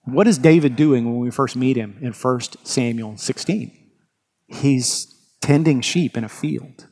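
A man's voice: medium pitch, measured pace, darkish tone. A man preaching a sermon as pastor, earnest and emphatic, often restarting his words.

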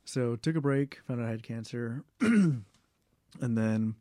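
A young man in a casual interview, talking in a rambling way with many fillers, restarts and throat clearing. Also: medium pitch, expressive, slow pace, dark tone, dry recording, clean studio sound. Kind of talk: casual oral history interview.

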